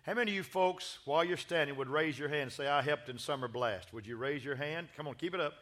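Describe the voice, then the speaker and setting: A man's voice: a little high, fast, fairly bright tone. A man, a pastor giving a church sermon and announcements in a folksy, joking, exuberant way. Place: church sanctuary.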